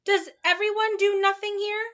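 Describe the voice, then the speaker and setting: A woman's voice: very high voice, level tone, normal speed, sharp tone, dull audio, voice pushed up. A woman voicing a curious young boy who asks earnest questions in a storybook reading.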